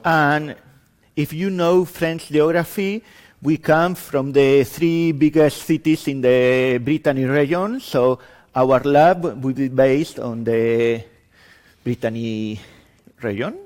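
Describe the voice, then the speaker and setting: A man's voice: mid-range voice, takes it slowly, a little mellow. A man with a Spanish accent giving an improvised, chatty, self-deprecating introduction to a lab at a conference. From Spain. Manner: self-deprecating, chatty, laughs between lines. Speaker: conference speaker. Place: conference room with audience.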